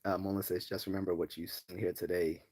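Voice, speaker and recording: This Baltimore livestreamer from the US East Coast speaks fast in a deep, level, slightly mellow voice. In casual chat, he reads viewer comments aloud and rambles, with lots of fillers and restarts.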